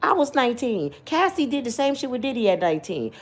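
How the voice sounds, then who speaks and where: A middle-aged woman with a somewhat high voice talks straight to her viewers in casual story-time commentary. She is blunt and preachy, scolds hard, and repeats her points for emphasis. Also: very animated, fast. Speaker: vlogger giving personal opinions.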